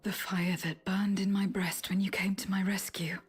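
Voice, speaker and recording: An actress voicing a weary, regretful young woman warrior in a video game cutscene, speaking in a breathy near-whisper. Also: medium pitch, little pitch movement, normal speed, faint music behind. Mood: stirred.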